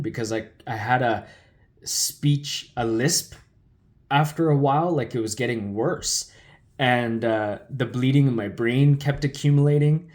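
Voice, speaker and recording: Man, personal storytelling, emotional, rambling, mid pitch. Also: unhurried, a little mellow. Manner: emotional, loose with frequent fillers and restarts.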